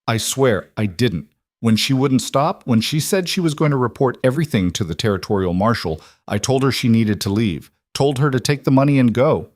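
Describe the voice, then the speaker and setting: A man voicing a desperate older male ranch bookkeeper who pleads, his voice rising higher than the narration. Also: animated, moderate pace, a little mellow, no room sound, studio quality, close to an everyday voice.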